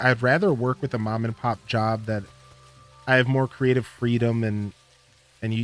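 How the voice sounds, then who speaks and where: A man streaming a farming game, rambling through a casual story with lots of fillers and laughter. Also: medium pitch. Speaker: gaming streamer. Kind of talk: casual gameplay commentary.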